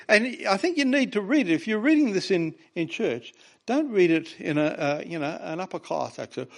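A man's voice: high voice, lively intonation, moderate pace, gravelly. A man preaching a sermon, reading scripture with raw emotion between plainly explained points.

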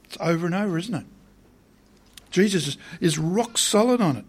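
A man's voice: sits high, lively intonation, moderate pace, slightly rough. A man preaching a sermon in a conversational way, often putting questions to his listeners.

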